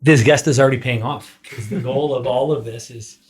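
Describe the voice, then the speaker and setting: A man's voice: mid-range voice, normal speed. A male podcast host with a mid-range voice, chatting casually with his guest. He reacts with easy enthusiasm and keeps the questions light. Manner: upbeat, enthusiastic interviewer. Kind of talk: casual interview chat.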